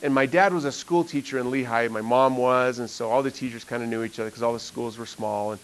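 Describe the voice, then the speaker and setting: A middle-aged male teacher talks to his class, rambling with many fillers and frequent laughs. He talks at an ordinary pitch for a man, recorded in a classroom. A faint hiss sits under the recording. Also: fairly even intonation, quick pace, poor audio. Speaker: math teacher. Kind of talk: classroom storytelling.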